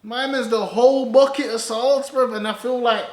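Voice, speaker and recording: A young man giving casual, slang-heavy commentary, animated and laughing, with loud bursts and low asides. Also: normal speed, few pauses. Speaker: online commentator. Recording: roomy echo.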